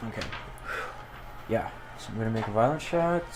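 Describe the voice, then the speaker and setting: A man playing a tabletop game, calmly working out his moves aloud with fillers and pauses. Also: lowish voice. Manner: measured, thinking aloud with fillers. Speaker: player. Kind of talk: casual tabletop play.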